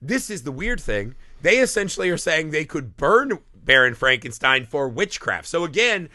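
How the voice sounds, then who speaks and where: A man co-hosting a movie podcast, chatting casually and swearing a lot, slipping into quick character impressions. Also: fairly high pitch, no echo, clean studio sound. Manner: animated, profane, acts out characters in quick impressions. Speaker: podcast co-host. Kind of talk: casual movie-review chat.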